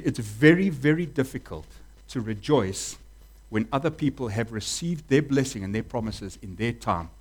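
A man preaching a sermon as pastor, animated, acting out voices and dropping to a hush. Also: medium pitch. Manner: animated preaching, acts out voices, swings from loud to hushed.

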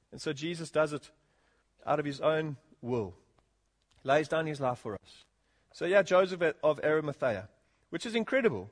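A man's voice: fairly high pitch, lively intonation, normal speed. A man preaching an earnest expository sermon, often rising to emphatic points and chuckling between them. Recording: long hall reverb.

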